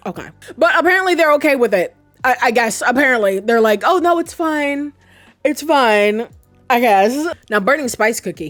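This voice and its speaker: A woman casually explaining game lore with rambling, profane, jokey asides. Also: medium pitch. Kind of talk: casual chat.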